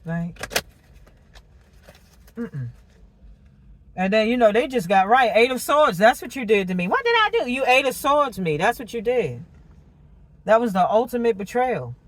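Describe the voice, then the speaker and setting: A woman doing a casual tarot reading monologue, animated and slangy, laughing and cursing as she talks. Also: a little high, unhurried, long pauses, no room sound. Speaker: tarot reader.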